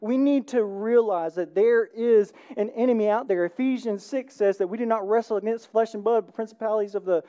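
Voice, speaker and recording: Conversational preacher with a mellow, dull-toned voice. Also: male voice, high voice, a little fast, hardly any pauses. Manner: conversational, often asks "right?". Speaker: pastor. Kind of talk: sermon. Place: church.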